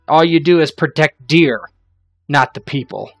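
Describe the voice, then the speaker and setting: A man voicing a gruff middle-aged male outlaw chief who taunts loudly and swears freely. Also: fairly high pitch, a little slow, no room sound, faint music behind. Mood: bitter. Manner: loud, taunting banter.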